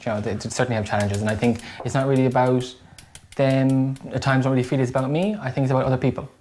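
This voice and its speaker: A man's voice: mid-range voice, steady tone, very fast, a little mellow, slight background noise. An Irish man and community board member, speaking earnestly and reflectively in a documentary interview.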